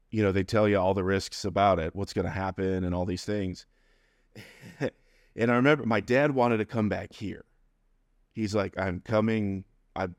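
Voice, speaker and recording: A man's voice: on the low side, dry recording, studio quality. A middle-aged man telling a personal story in a conversational, humorous way, laughing between phrases. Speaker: interview guest.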